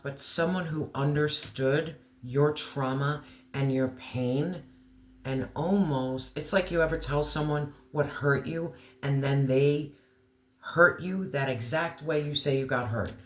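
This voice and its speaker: A man giving an earnest, emotional tarot reading, slowing down to stress key words. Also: mid-range voice, roomy sound. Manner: earnest, emotional, slow deliberate emphasis. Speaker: tarot reader.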